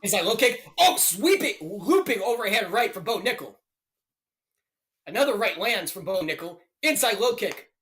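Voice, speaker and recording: On a live fight stream, a young man delivers jokey, excitable play-by-play, erupting into loud outbursts. His voice is high-pitched and his pace is normal.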